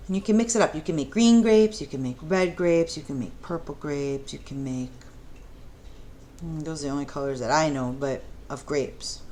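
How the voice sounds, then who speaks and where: A woman teaching a preschool art lesson in a gentle, encouraging way, talking the children through each step and asking them questions. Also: low-pitched, normal speed, a little hiss or hum.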